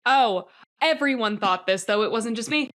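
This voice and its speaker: A woman guest on a casual film podcast, telling an excitable story. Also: a little high, normal speed.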